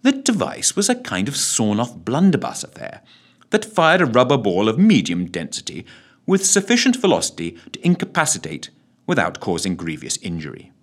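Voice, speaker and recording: A man narrating a scripted audio story with a theatrical, wry, very animated delivery and a husky voice. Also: mid-range voice.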